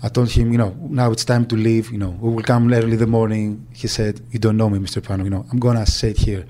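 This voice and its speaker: Soft-toned man recalling. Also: lowish voice, little pitch movement. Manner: halting, searching for words. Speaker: agent. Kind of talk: interview recollection.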